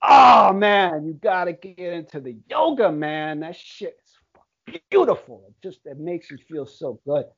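A man's voice: on the high side, very animated, moderate pace, darkish tone, husky. A young man chatting casually on a podcast, laid-back and swearing a lot. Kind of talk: casual chat. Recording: dull lo-fi audio.

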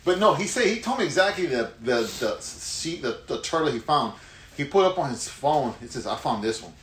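Brief: casual male podcast co-host, rambling and profane, lively voice, echoey room with faint hum. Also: fairly high pitch, fairly quick. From Houston. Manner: rambling storyteller, profane, laughs a lot. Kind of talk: casual chat.

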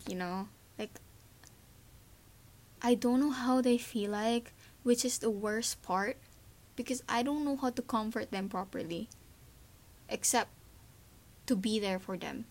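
A woman's voice: a little high, measured pace, pauses often, darkish tone. A Filipino woman hosting a podcast and sharing her views in an earnest, emotional, casual way, with frequent fillers. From Philippines. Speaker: podcast host. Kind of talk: casual personal commentary.

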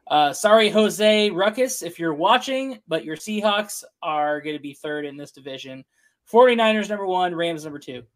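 A man's voice: high voice, lively intonation, moderate pace. A man hosting a casual sports and gaming talk show, upbeat and rattling off lists of scores and stats. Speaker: host.

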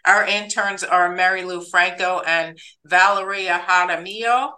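Podcast host, woman, upbeat chatty delivery, bright tone. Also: lowish voice, steady tone, a little slow, poor audio. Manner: chatty, upbeat, stumbles over names. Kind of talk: casual interview.

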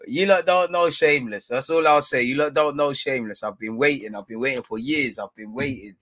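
A man's voice: medium pitch, fairly quick, few pauses, fairly bright tone, no echo. A young man, talking to camera in a playful, slang-heavy fan vlog in front of a green screen. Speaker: football vlogger.

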